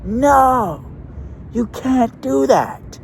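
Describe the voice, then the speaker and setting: A man putting on a shrill, outraged little boy. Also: expressive, drawn-out words, gravelly, a little hiss or hum, heavily acted. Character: whiny upset boy of about nine.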